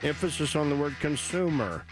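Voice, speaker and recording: A man's voice: on the high side, expressive, moderate pace, music in the background. A man hosting a radio call-in show, talking in an emphatic, urgent way and repeating his points.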